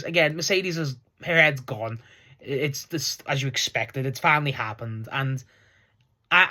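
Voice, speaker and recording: A young man casually recapping a wrestling show, excitable and rambling, laughing often as he talks. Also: medium pitch.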